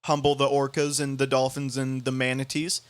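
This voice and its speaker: A young man hosting a podcast, telling a story in casual chat, halting with many restarts and quoting others in bouncy voices. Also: mid-range voice, flat delivery, dry recording. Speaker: podcast host.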